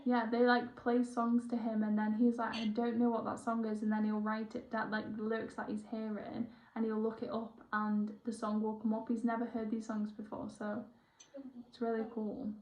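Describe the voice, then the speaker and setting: A young woman, a spiritual healer chatting excitably through a one-on-one session, rambling and correcting herself as she goes. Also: on the high side, moderate pace. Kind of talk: casual one-on-one session chat. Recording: roomy, dull lo-fi sound.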